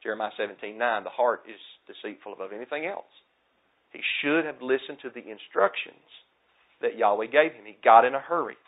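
A male preacher delivering a sermon, surging to loud emphatic stresses and dropping low again, acting out quotes in character. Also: fairly quick. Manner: acts out quoted speech in character. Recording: tinny phone-like narrow sound.

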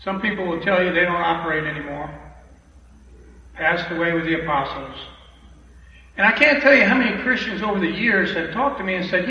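Man, church testimony, emphatic and repetitive, high bright voice, echoey distant hall. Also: brisk, pauses often. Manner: animated, emphatic, repeats phrases for effect. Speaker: church member giving testimony. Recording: echoey hall from far off, dull and noisy.

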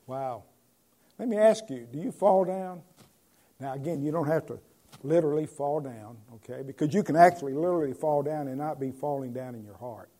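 A man, a pastor, preaching a conversational sermon and moving between loud proclamation and quiet asides. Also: on the high side, fairly quick.

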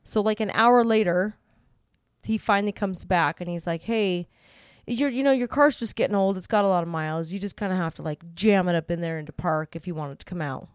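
A woman's voice: fairly low pitch, fairly quick, clean tone, dry recording, clean studio sound. A middle-aged woman telling a story in casual chat, acting out the people she quotes and laughing along. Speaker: podcast co-host.

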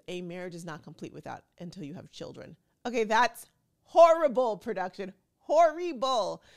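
A woman's voice: lowish voice, a bit bright. A middle-aged woman from the United States hosting a show, giving a casual, chatty commentary monologue full of opinionated, wry asides. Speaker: talk show host.

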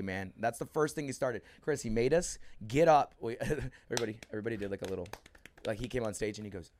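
A man co-hosting a podcast in casual chat, animated, retelling stories and laughing. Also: medium pitch, quick pace, slight background noise. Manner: animated, laughing, imitating people in retold stories. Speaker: podcast co-host.

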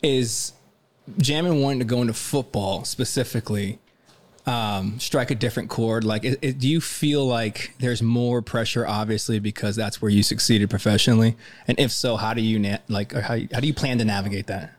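A man co-hosting a casual podcast chat. He speaks in a relaxed, mid-range voice, tossing in quick reactions and friendly questions. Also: mid-range voice. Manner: laid-back, chimes in with short reactions. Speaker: podcast co-host.

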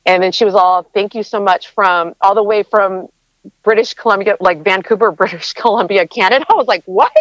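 A woman's voice: mid-range voice, fairly even intonation, brisk, no echo, low-quality recording. A woman in her thirties answering interview questions in a chatty, emotional way, with many fillers and laughs. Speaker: interview guest, content creator.

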